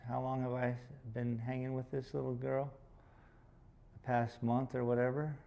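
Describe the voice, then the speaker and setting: A man's voice: medium pitch, creaky, warm tone, muffled recording. A man chatting casually on a livestream while he paints, rambling and joking with some swearing. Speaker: painter streaming live.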